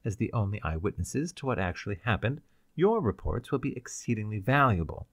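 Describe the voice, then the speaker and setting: A commanding older scientist snapping out orders in a raised, emphatic voice, as a man reads him. His delivery is clipped and formal, with a lively rise and fall. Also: lowish voice, a little fast, no room sound, clean studio sound. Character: brusque senior scientist, commanding, secretly villainous.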